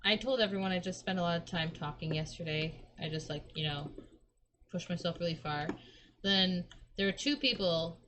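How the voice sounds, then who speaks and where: A hoarse young woman who has lost her voice, chatting and swearing casually while streaming a game. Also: lowish voice, normal speed, noisy background. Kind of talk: casual gameplay commentary.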